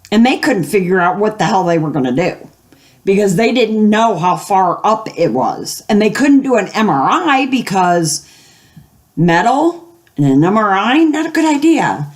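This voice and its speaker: A woman's voice: mid-range voice, big pitch swings, a little slow. An older woman telling a long story casually at home, rambling with fillers and acting out the voices of the people she quotes. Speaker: gaming video host.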